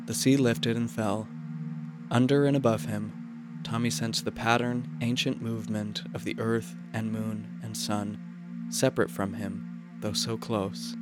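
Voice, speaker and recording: A man narrating a literary short story in a measured, quiet, even manner. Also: lowish voice, music in the background.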